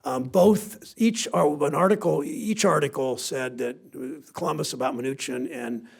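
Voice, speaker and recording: A man in his sixties from Ohio with a raspy, gravelly voice, giving a rambling, self-deprecating keynote speech with anecdotes to a seated audience. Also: mid-range voice, a little slow. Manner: rambling, self-deprecating storyteller with many restarts. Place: briefing room before a seated audience.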